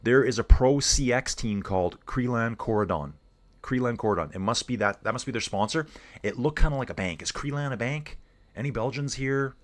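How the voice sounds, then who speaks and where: A man's voice: mid-range voice, brisk. A man streaming live cycling commentary, rambling casually and calling his viewers dude and guys as he reads the chat. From Canada.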